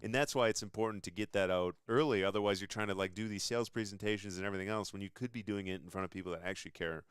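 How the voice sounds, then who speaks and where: A man's voice: on the low side, steady tone, very fast, few pauses, clear, resonant tone, no room sound, studio quality. A young man hosting a casual interview chat, talking enthusiastically and rambling between points. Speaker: show host.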